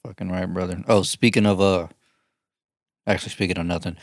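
Dude swearing and cracking up telling job stories, dry close mic. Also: male voice, sits low, fairly even intonation, brisk, no room sound. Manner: profane, laughing storyteller. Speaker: podcast co-host. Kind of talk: casual chat.

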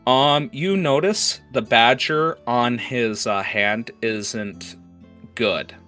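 A man's voice: mid-range voice, very slow, sharp tone. A man narrating as game master of a tabletop game, rambling with restarts, over faint guitar music. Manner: rambling, many fillers and restarts.

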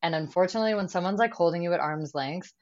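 A woman with a very low voice chats casually as a podcast guest. She leans on fillers and acts out little quotes as she talks. The recording is a bit dull and lo-fi. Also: quick pace. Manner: chatty, lots of fillers and quoted asides.

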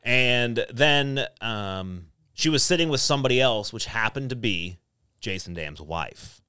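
Lively, resonant-voiced male podcast host. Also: medium pitch, a little slow, clean tone, no room sound, studio quality. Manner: rambling storyteller, lots of fillers and laughs. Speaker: podcast host and board operator. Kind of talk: casual chat.

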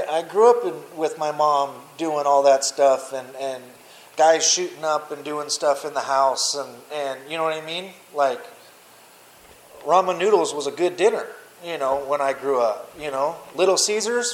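A man, a podcast guest, telling his personal story candidly in blunt, profane words, often restarting and at times speaking low and quiet. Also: rough recording.

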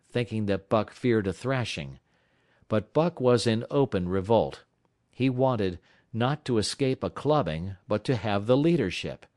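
A man from South Carolina narrates an audiobook in a measured, steady way. His voice sits on the low side. The recording is dry and close, with no room sound. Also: dry recording.

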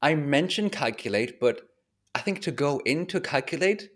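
A man's voice: a little high, lively intonation, moderate pace, a bit bright. Chatty, eager man thinking aloud. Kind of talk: casual chat.

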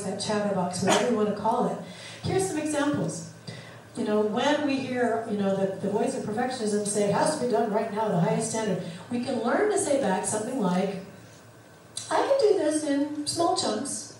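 Woman, middle-aged, therapist, animated teaching talk, very echoey room, off the mic. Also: mid-range voice, fairly quick, distant mic, slight background noise. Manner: animated, acts out quoted voices.

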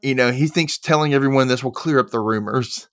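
A man's voice: medium pitch, no echo, studio quality. A man hosting a podcast, casually recapping a TV episode and acting out lines as he goes. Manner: retells scenes with quick voiced asides. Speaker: podcast host.

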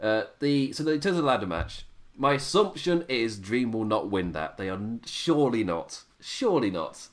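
A man's voice: mid-range voice, big pitch swings, normal speed. A man with an English accent, chatting casually about wrestling as a podcast co-host, laughing often as he rambles. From England.

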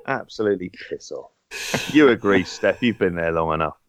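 A man's voice: deep voice, expressive, a little fast, no echo, dull audio. A man from London co-hosting a podcast, chatting casually with rambling, sweary banter. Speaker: podcast co-host. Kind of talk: casual chat.

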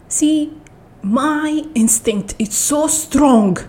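A woman's voice: on the high side, animated, unhurried, dark tone. A young woman with a mixed accent, telling a rambling, blunt story to camera in a casual vlog. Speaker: vlogger.

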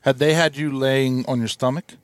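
A man's voice: mid-range voice, steady tone, normal speed, dry recording. A man co-hosting a casual chat, speaking briefly and conversationally.

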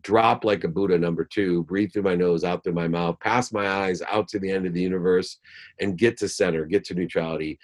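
A man's voice: low-pitched, steady tone, fairly quick. A man giving a motivational talk in an interview, emphatic and listing ideas in rhythmic phrases. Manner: acts out voices when telling a story. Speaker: guest speaker.

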